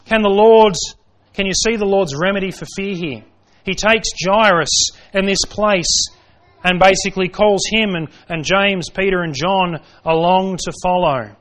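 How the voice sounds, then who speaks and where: A man delivers a sermon from the pulpit. His voice sits a little high, and he builds his points with repeated rhetorical questions. He acts out the voices of the people in the story as he goes. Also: measured pace, a bit bright. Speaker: pastor.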